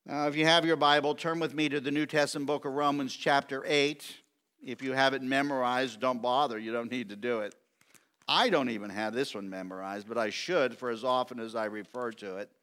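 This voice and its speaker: A middle-aged man preaching a sermon, emphatic and repetitive, stretching key words slowly. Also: medium pitch, steady tone, a bit bright. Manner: emphatic, repetitive preaching with slow drawn-out stresses. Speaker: pastor.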